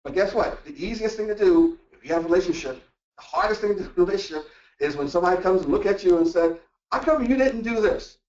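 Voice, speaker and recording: A man presenting a motivational workplace talk, animated and full of rhetorical questions. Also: high voice, fast talker. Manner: animated, acts out quoted voices and asks rhetorical questions. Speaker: workshop presenter. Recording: echoey room, distant mic, dull lo-fi sound.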